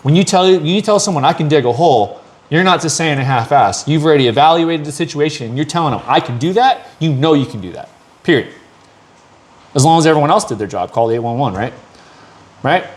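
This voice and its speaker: Talking fast in a slightly high voice, a man on his podcast delivers a long, casual story. It's foul-mouthed and energetic, with him playing the people in it through acted quotes.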